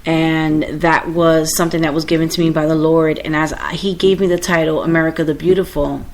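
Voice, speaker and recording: A woman hosting a prophetic Christian radio show, earnestly reading scripture and declaring prayers, with fillers and stumbles. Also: low voice. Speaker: radio host.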